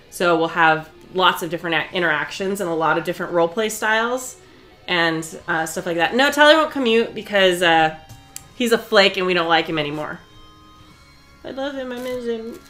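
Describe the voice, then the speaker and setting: A woman's voice: lowish voice, bright, forceful tone. A woman chatting casually on a live stream while she sews, talkative and often breaking into laughter.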